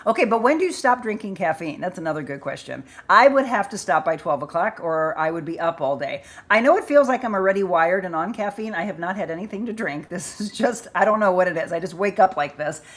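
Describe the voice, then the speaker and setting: A woman's voice: on the low side, animated, brisk, hardly any pauses. A woman hosting a live chat show, upbeat and chatty as she reads out viewers' comments and names. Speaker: livestream host.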